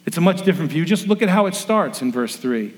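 A man's voice: a little high, animated, quick pace. A man preaching a sermon as pastor, telling stories and acting out the people in them. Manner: storytelling, acts out quoted voices. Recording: long reverb of a large room.

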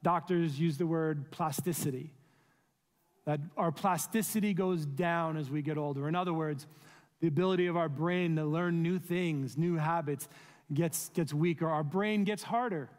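A man's voice: a little high, moderate pace. A male pastor preaching a sermon, earnest and pleading, asking his listeners rhetorical questions. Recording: long reverb of a large room.

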